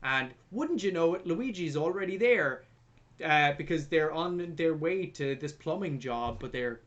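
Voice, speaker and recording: A man's voice: a little high, animated, unhurried, a bit bright, dull audio. A man co-hosting a film review podcast, recapping the plot in casual, sarcastic, sweary chat.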